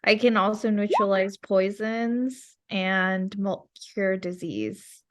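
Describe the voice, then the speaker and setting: A woman's voice: mid-range voice, slow pace, a bit bright. Playful woman player in a tabletop game. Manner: playful, joking. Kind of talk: casual tabletop role-play.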